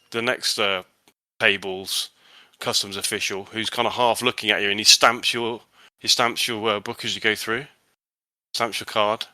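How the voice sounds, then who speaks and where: A man's voice: fairly low pitch, pushed and bright, no echo. A man narrating a tabletop horror game as game master, hesitant and full of restarts.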